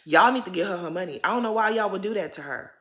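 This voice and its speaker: Bright-voiced chatty woman vlogger. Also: medium pitch, fast. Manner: animated, chatty, slangy commentary. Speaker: reality TV recap vlogger. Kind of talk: casual chat.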